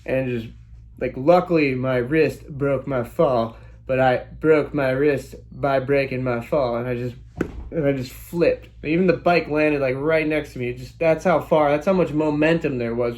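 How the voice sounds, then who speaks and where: Young guy telling a childhood story, lively, goes "boom" and "whoosh" a lot. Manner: animated, sound effects and exclamations. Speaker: storytelling vlogger. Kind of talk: casual storytelling.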